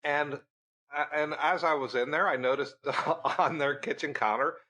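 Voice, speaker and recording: A middle-aged man and guest on a podcast, telling a story in a lively way and acting out the dialogue. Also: a little high, unhurried, poor audio. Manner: animated storyteller, acting out quoted dialogue with laughs. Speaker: research center director, guest.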